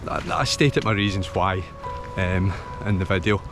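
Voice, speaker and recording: A man's voice: low voice, normal speed, over music. A Scottish man from Scotland, talking to camera in a casual, rambling vlog with frequent ums and a passionate streak. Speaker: hillwalking vlogger.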